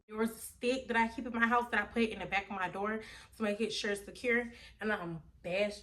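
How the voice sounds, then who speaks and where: A woman telling a wild personal story on her vlog, animated and slangy, acting out everyone's voices. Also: mid-range voice, normal speed. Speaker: vlogger.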